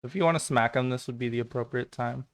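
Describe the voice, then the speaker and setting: A man's voice: medium pitch, fast talker, dry recording. A man running a tabletop game as game master, describing enemy moves and calling for saves in a plain, matter-of-fact way.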